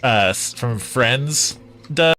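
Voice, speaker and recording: A man's voice: medium pitch, animated, takes it slowly, pushed and bright. A young man joking crudely and rambling in casual chat while gaming with friends.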